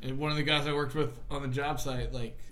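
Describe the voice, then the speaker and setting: A man in casual chat, halting and restarting as he talks. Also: mid-range voice, little pitch movement, fairly bright tone, slight background noise.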